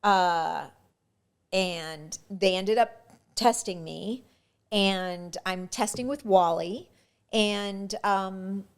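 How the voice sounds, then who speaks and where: A middle-aged woman in a relaxed interview, recounting her past with lively energy. She leaps into little acted-out snippets of dialogue and often stumbles and restarts mid-sentence. Her voice sits at an ordinary pitch for a woman. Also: drawn-out words, clear, resonant tone. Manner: animated, acts out quoted dialogue, frequent restarts. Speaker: guest actress. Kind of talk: casual storytelling interview.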